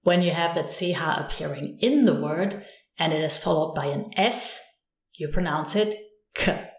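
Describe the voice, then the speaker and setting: A woman teaching a recorded lesson, calm and patient, saying example words slowly and repeating them. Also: low-pitched, echoey room. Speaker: language teacher.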